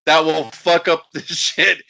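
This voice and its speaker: A man co-hosting a wrestling podcast in casual chat, animated and cursing often. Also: fairly high pitch, takes it slowly, vocal fry, lo-fi sound. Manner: animated, swears often, puts on quoted voices. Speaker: podcast co-host.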